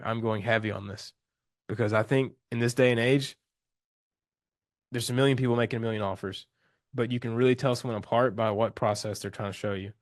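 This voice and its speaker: A young man leads a live coaching call in a loose, slangy way, enthusiastic and often restarting his sentences. His voice sits at an ordinary pitch. The sound is dry and close, with little room around it. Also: fairly even intonation, brisk, no room sound.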